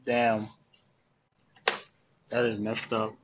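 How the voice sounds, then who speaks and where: A man talks casually while he plays a game live, bantering with friends in his party. He swears constantly, laughs a lot and jumps into loud mock outrage before dropping back to a low mutter. His voice sits in an ordinary middle pitch. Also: normal speed, a little hiss or hum. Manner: profane, joking, laughs often, swings into loud mock outrage. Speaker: gamer streaming live.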